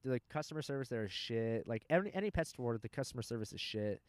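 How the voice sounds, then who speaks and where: A man's voice: medium pitch, quick pace, no echo. A young man telling rambling, profane stories in casual chat. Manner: animated, profane storyteller.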